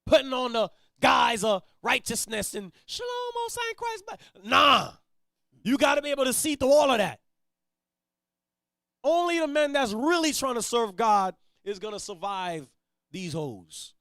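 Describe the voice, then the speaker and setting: A man leading a Bible reading and preaching bluntly, dropping to low mutters, then shouting his points. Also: big pitch swings, measured pace, gravelly, dry recording, clean studio sound. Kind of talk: street-style Bible teaching.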